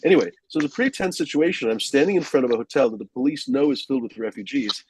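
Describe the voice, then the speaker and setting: A man's voice: fairly high pitch, lively intonation, very fast, breathy edge, low-quality recording. A man telling a long story casually, rambling and profane, with many fillers and restarts.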